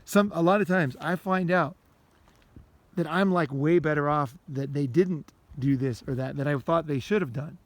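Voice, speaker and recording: In a dry recording, a man with a fairly high voice speaks at a moderate pace while walking outdoors. He hosts a self-help podcast as a casual, rambling monologue, often swearing, repeating himself, and voicing inner rants.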